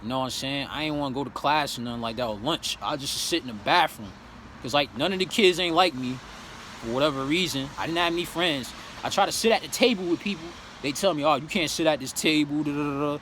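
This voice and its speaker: A young man with a fairly high voice tells his life story in a blunt, profane vlog, full of "you know what I'm saying." He turns loud and heated as he relives old anger. Faint street traffic hums behind him outdoors. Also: fast talker. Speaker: vlogger. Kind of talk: candid personal storytelling.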